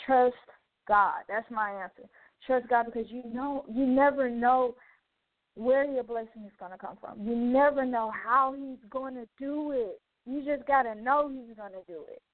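A woman's voice: fairly high pitch, moderate pace, dry recording. Woman host telling a heartfelt testimony. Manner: heartfelt storytelling, many "you know" asides. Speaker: radio show host. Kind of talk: personal testimony, casual talk. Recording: narrow phone-like sound, dry.

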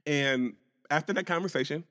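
A man's voice: on the high side, normal speed. Guy cracking up and cursing on a podcast, kinda reverby sound. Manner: laughs often, profane, animated storytelling. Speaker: podcast co-host. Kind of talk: casual chat.

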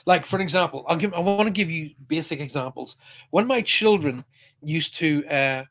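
A man's voice: fairly high pitch, moderate pace, fairly bright tone. A middle-aged man giving an emphatic motivational talk as a spiritual speaker, often checking in with listeners.

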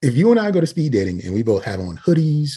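A man's voice: medium pitch, very animated, fast, warm tone, breathy edge. A man co-hosting a casual comedy chat, arguing his opinions bluntly and ranting. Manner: opinionated, makes blunt arguments and rants.

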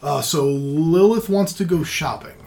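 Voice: mid-range voice, measured pace, a little mellow. The chatty dungeon master at the table. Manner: chatty, laughing asides. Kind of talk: running a tabletop game.

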